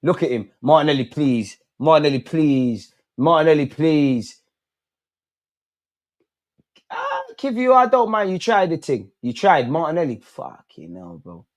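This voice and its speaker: A man's voice: on the high side, very animated, moderate pace, hardly any pauses. Young man in a heated match watch-along. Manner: swearing, pleading with players, slang-heavy. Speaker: football fan streamer.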